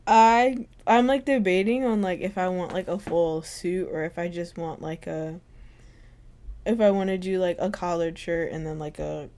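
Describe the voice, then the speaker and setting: A woman's voice: lowish voice, steady tone, normal speed, a little mellow. A young woman co-hosting a podcast, telling stories and giggling in casual chat. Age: young adult. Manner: giggly, storytelling. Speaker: podcast co-host.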